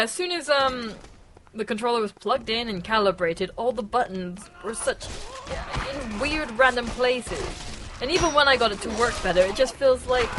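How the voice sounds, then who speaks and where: Woman, young, let's-play host, chatty, rambling, PC mic, loud gunfire noise behind. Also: fairly high pitch. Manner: chatty, rambling, laughs often. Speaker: gaming channel host. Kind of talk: casual let's-play commentary. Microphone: PC microphone.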